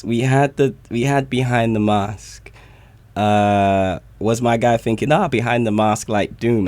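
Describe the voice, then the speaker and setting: A man reacting to community music on a live stream, hyped and excitable, often shouting his praise. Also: lowish voice.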